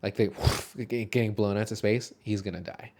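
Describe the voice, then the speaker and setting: A man co-hosting a casual movie podcast, talking loosely and profanely, laughing often and dropping to a low mutter over his notes. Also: fairly even intonation, moderate pace, a little mellow. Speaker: podcast co-host.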